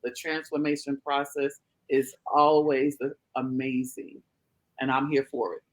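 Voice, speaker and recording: A woman's voice: a bass voice, level tone, unhurried, low-quality recording. A woman pastor speaking as a podcast guest, earnest and encouraging in casual chat.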